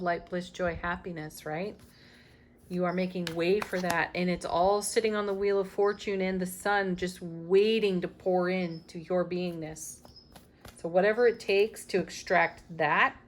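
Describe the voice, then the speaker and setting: Low-voiced woman giving a tarot reading. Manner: emphatic, spiritual encouragement with small laughs. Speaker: tarot reader.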